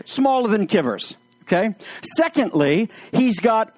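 A man's voice: high-pitched, very animated, unhurried, a little mellow, no echo. A man preaching a sermon, mixing jokes and anecdotes into his teaching. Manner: humorous, anecdotal storytelling. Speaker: pastor.

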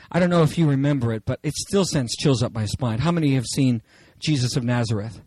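A man preaching a sermon with passion, swinging between raised, shouted lines and hushed asides. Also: medium pitch, fairly quick, hardly any pauses, breathy edge, no echo, poor audio. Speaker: pastor.

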